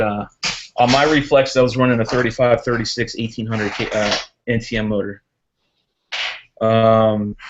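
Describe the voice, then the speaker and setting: Chatty drone racer on a lo-fi call. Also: male voice, lowish voice, a little hiss or hum. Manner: chatty, animated storytelling. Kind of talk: casual chat on a live hangout.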